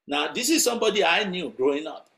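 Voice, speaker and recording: A man's voice: high voice, expressive, fast, creaky, fairly bright tone. A man preaching a sermon through a story, conversational and chuckling as he tells it.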